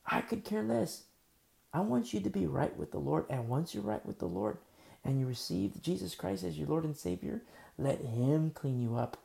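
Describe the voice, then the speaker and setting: A male pastor with a heavily gravelly, very mellow voice, preaching like he is telling a story. He talks casually, full of fillers, and slips into character voices to act out scenes. His delivery is informal, not polished. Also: on the high side, very animated, normal speed. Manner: vivid storytelling, conversational with many fillers; acts out dialogue of biblical scenes. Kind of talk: sermon.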